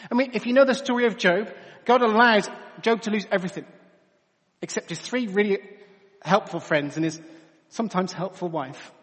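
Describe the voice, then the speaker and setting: A man's voice: high-pitched, moderate pace, fairly bright tone. A man preaching a sermon in an earnest, conversational way, speaking through a headset mic to a congregation he calls guys. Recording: long hall reverb.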